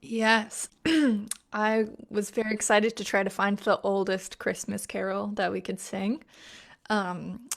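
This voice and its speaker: A woman's voice: medium pitch, fairly even intonation, slow pace, vocal fry. A woman musician, a guest, talking casually over a video call and calling herself a nerd. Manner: self-described nerd, casual with fillers.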